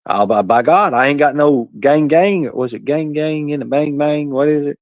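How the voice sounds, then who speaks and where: A man's voice: on the high side, moderate pace, no echo. Man rambling on a lo-fi livestream. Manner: rambling, crude joking banter with viewers. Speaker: livestream host reading chat. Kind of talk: casual livestream chat. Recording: dull, dry, lo-fi sound.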